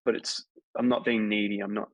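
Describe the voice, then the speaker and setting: A male actor, guesting on a podcast, tells a rambling, filler-heavy story in a casual interview. His low, gravelly voice barely moves in pitch and runs fairly quick. There's no room sound in this dull, dry lo-fi recording.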